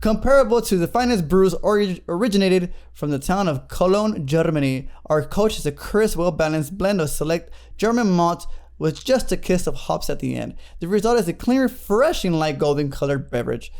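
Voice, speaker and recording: A man's voice: high voice, lively intonation, normal speed, a little mellow. Upbeat man hosting a beer review. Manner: reads label text aloud with stumbles and asides. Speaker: podcast host. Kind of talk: casual beer review chat.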